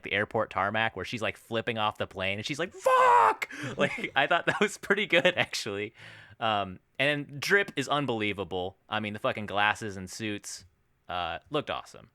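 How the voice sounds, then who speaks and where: Animated young man with lively swings. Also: fairly low pitch, clear, resonant tone, no room sound, clean studio sound. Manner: animated, laughing, swears freely. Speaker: podcast co-host. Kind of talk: casual chat.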